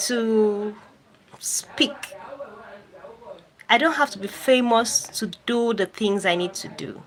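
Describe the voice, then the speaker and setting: A woman's voice: a little high, fairly bright tone, poor audio. A woman hosting a live stream, reading viewer comments aloud and answering them directly, repeating phrases for emphasis. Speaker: YouTube host reading live chat.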